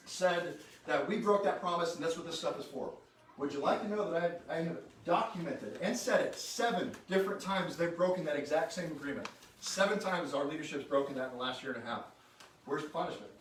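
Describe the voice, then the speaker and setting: A man's voice: on the high side, a bit bright, a little hiss or hum. A man giving an informal political speech to a live audience. He is fired up and joking, and keeps quizzing the crowd with questions. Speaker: state senator. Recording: very echoey room, speaker far from the mic.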